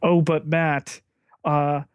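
A man co-hosting a podcast, breaking down an episode in a measured, analytical way and weighing the characters' motives and stakes. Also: fairly high pitch, little pitch movement, smooth, no echo. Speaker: podcast co-host. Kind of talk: casual episode recap.

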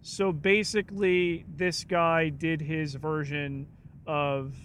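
A man with a fairly high voice co-hosting a casual podcast. He talks very slowly and hesitantly, with dry, sarcastic humor. Faint room ambience can be heard behind him. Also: fairly even intonation, fairly bright tone, slight background noise. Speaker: podcast co-host. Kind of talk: casual chat.

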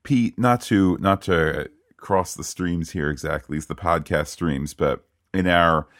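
A man co-hosting a podcast, recapping a TV episode in casual, animated chat with frequent restarts and asides. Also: low voice, measured pace, dry recording, studio quality. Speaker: podcast co-host.

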